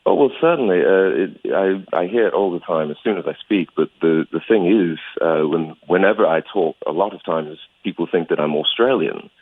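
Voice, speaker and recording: A man's voice: sits low, animated, fairly quick, few pauses, husky, no echo. A man from London with an English accent, answering on the phone in a hesitant, defensive way. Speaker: caller. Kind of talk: casual phone chat. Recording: tinny phone line.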